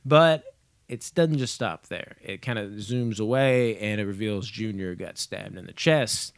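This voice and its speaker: A man's voice: lowish voice, measured pace, creaky, clean tone, no echo. A young man giving a casual spoken review of a TV episode, rambling and offhand, with frequent swearing. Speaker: movie and TV reviewer.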